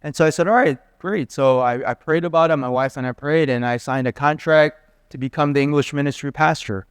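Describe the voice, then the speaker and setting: A man's voice: on the high side, brisk, clear, resonant tone, dry recording. A middle-aged man preaching a sermon, telling personal stories and acting out the dialogue. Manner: earnest storytelling, quoting dialogue in lively voices. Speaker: guest preacher.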